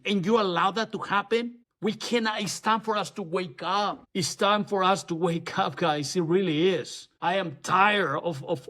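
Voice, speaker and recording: Urgent high-voiced man preaching to men. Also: fairly bright tone. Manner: urgent, repetitive exhortation; restarts and stammers often. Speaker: men's ministry speaker. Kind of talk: motivational faith talk.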